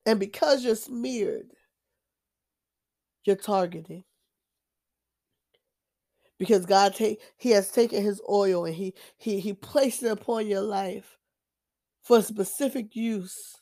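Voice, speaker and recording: A woman's voice: medium pitch, slow, long pauses, warm tone. A woman sharing her own faith testimony in a casual, preachy way, emphatic and repeating herself with frequent restarts. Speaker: Christian vlogger sharing testimony.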